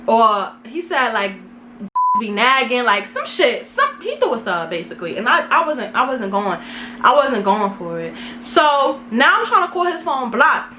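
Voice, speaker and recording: A young female vlogger from Brooklyn, New York tells a casual storytime, slangy and self-mocking, in a sing-song voice on the high side at normal speed. The room is echoey and the background noisy.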